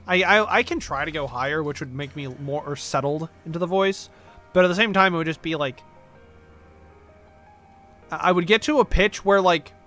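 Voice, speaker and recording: A man's voice: on the high side, moderate pace, long pauses, fairly bright tone, faint music behind. A man streaming a game, chatting casually in a rambling, self-deprecating way. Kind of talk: casual gameplay commentary.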